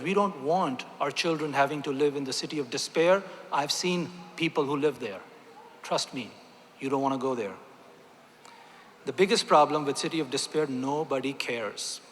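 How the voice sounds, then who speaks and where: A man's voice: fairly high pitch, a bit bright. Emphatic man speaking in an echoey hall. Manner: emphatic, repeats key phrases, rhetorical questions. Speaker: doctor giving a talk. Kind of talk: motivational talk to a religious youth gathering. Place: large hall with audience.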